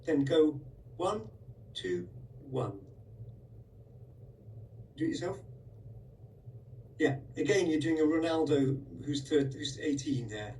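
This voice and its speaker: A man coaching a conducting student, talking with a somewhat high voice and breaking into sung syllables to mark rhythms. He is direct and coaxing. The mic sits away from him, with a light hiss behind. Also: lively intonation, slow pace, long pauses, dark tone, recorded from a distance, poor audio. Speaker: conducting teacher. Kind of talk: one-on-one conducting lesson.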